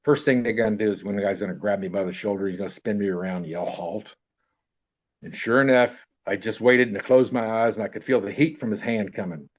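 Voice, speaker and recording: A man's voice: on the low side, a little fast. An older man in his seventies telling a long personal story in a rambling, profane way, acting out what people said. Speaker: interviewee telling a life story. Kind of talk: casual spoken anecdote. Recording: dull, muffled lo-fi recording.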